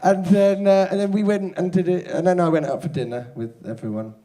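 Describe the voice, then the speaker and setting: A comedian guest telling a funny story in casual chat, often breaking into shouts and laughter as he acts out the people in it. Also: high voice, fairly quick. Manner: lively storytelling, shouting out quoted hecklers, laughing. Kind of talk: casual anecdote. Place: stage before a live audience.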